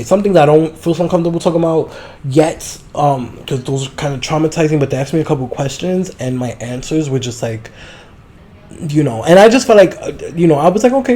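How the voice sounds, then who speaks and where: A man's voice: fairly high pitch, fast talker. A man hosting his own podcast, telling rambling, profane stories. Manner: rambling, profane, animated storytelling. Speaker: podcast host. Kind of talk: casual solo podcast monologue.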